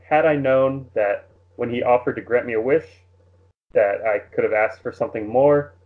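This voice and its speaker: A man who is a guest on a casual podcast, joking in a dry, wordy, self-mocking way. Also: mid-range voice. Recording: tinny phone-like remote line.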